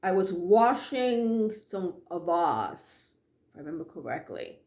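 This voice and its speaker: A woman telling a personal ghost story in an animated way, dropping to hushed tones at the tense moments. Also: fairly low pitch, slow pace, echoey room.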